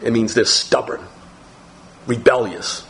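A man's voice: takes it slowly, slight background noise. A man preaching a sermon, reading scripture aloud and acting out the quoted voices with sudden, dramatic lifts in his voice. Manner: animated, acts out quoted speech with big pitch jumps.

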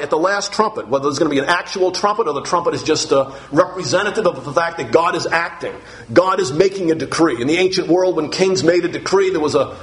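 Emphatic man preaching a sermon. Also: on the high side. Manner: emphatic, repeats key phrases, conversational asides. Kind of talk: expository sermon.

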